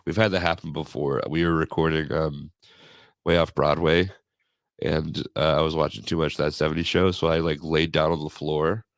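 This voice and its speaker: A man's voice: extremely low pitch, flat delivery, normal speed, dry recording. A young man hosting a podcast, chatting casually in a rambling, joking way. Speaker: podcast host. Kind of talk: casual chat.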